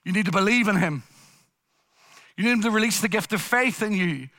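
A man's voice: high voice, expressive, brisk, pushed and bright. A man preaching a sermon in an impassioned style, building through repeated phrases. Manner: impassioned, repetitive preaching cadence.

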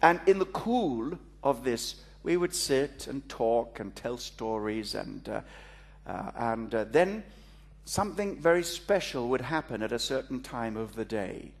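A man, a pastor, preaching a sermon to a congregation, telling a story with playful asides. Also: mid-range voice. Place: church before a congregation.

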